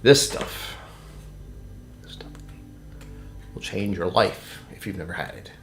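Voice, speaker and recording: Man, low voice, casual live-stream host, jokey, rambling, reads chat aloud. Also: normal speed, fairly bright tone, soft background music. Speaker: whiskey tasting streamer.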